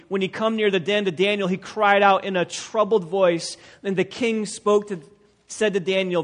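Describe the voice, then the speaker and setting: A man preaching from the pulpit with a fairly high voice that rings out in the long reverb of a big church hall. He leans hard on key words and doubles his phrases for weight as he works through the text. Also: steady tone, normal speed. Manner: emphatic, repeats phrases for stress. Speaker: pastor. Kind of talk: expository sermon.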